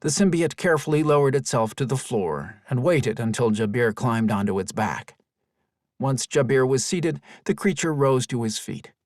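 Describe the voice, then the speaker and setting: Lively male audiobook narrator, dry sound. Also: mid-range voice, moderate pace, no echo. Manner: expressive storytelling. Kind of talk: scripted narration.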